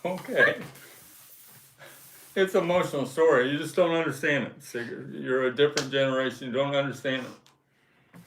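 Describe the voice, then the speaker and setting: A man hosting a casual livestream, telling a story slowly and with emphasis and reading viewer messages aloud. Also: medium pitch, a bit bright, slight background noise. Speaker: livestream host. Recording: echoey room.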